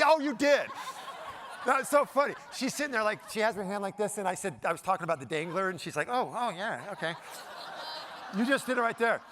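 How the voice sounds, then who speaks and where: Middle-aged male speaker with a high, bright voice, working the room with jokes and questions. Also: slight background noise. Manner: animated, jokey, asks the audience questions. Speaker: motivational speaker. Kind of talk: live keynote talk to an audience. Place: event stage before a live audience.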